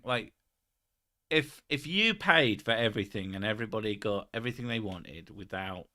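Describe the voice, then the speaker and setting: A man's voice: medium pitch, pushed and bright. A man hosting his stream, chatting casually and rambling, swearing freely and laughing at himself. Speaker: streamer host. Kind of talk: casual chat reading viewer messages.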